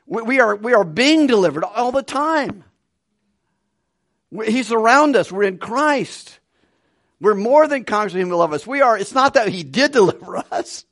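A man preaching a conversational Bible study sermon with animated delivery and frequent chuckles. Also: high voice, normal speed, no echo, studio quality. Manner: conversational, animated, laughs between points.

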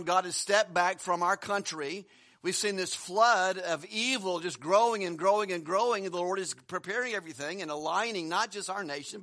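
A man's voice: high-pitched, bright, forceful tone. A man preaching a sermon as a pastor, in a conversational way with fillers and restarts.

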